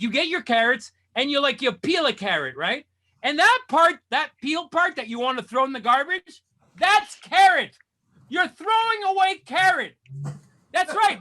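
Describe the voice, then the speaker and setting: A man doing a stand-up comedy set, ranting in exasperation and bursting into shouts. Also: extremely high pitch.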